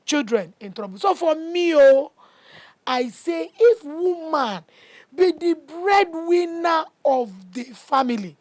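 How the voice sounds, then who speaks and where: A woman's voice: high-pitched, expressive, slow pace, darkish tone, dry recording. A woman with a Nigerian accent giving her opinion in a debate, earnest and persuasive.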